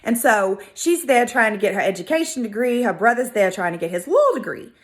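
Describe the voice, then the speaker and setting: A woman with a Southern US accent hosting a video, telling a history story in a casual, animated, sassy way. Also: fairly high pitch, a little fast. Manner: animated, chatty, sassy asides. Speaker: video host.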